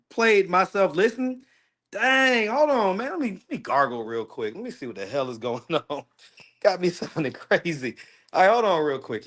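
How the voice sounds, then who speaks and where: A man's voice: on the high side, fairly bright tone. A man chatting casually with viewers on a phone livestream, indoors in his apartment. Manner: chatty, addresses viewers directly, easygoing.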